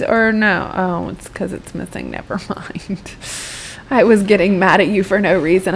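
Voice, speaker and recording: A woman's voice: mid-range voice, fairly even intonation, unhurried, gravelly, slight background noise. A young American woman giving casual, rambling gameplay commentary and swearing freely as she plays. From United States. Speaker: gaming YouTuber.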